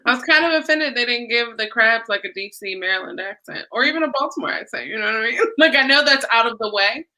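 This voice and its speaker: A woman's voice: fairly high pitch, lively intonation, fast, sharp tone. A woman guesting on a podcast in casual chat, chatty and often laughing mid-sentence.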